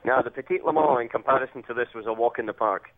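A man's voice: mid-range voice, quick pace. Scottish man on a tinny phone line. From Scotland. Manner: relaxed storytelling with many fillers. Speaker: racing driver guest. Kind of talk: phone interview.

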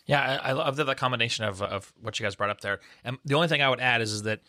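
A man hosting a casual panel discussion among emergency clinicians, telling stories in an animated way and acting out quotes. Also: mid-range voice, no room sound, clean studio sound. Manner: fast, animated storytelling with acted quotes. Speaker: podcast host, emergency clinician.

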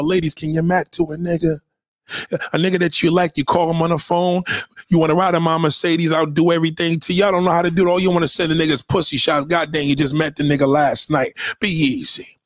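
A man's voice: on the high side, steady tone, quick pace, dry recording, studio quality, faint music behind. A man hosting an online show, giving loose, profane commentary on songs, exclaiming constantly and lecturing his listeners bluntly.

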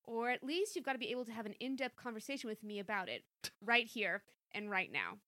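A woman's voice: a little high, sing-song, fast, sharp tone, no echo, clean studio sound. A woman voicing a cheerful, fussing middle-aged mother with a breezy, doting manner. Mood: coaxing.

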